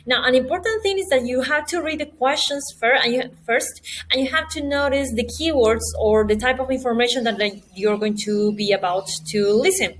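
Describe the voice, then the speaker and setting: Woman giving a quick test-prep lecture. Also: high-pitched, slight background noise, low-quality recording. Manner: talks fast with restarts, steady explaining tone. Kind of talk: lecture presentation.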